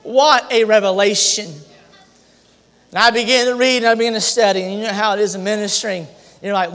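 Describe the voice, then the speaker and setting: A male pastor preaching a sermon, emphatic, climbing into shouted repetitions. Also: sits high, steady tone, brisk. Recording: long hall reverb.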